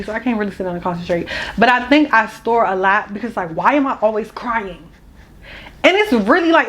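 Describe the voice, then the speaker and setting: A woman's voice: on the high side, fairly bright tone. A young woman, talking to her camera in a rambling, candid and emotional way. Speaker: vlogger. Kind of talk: candid personal vlog.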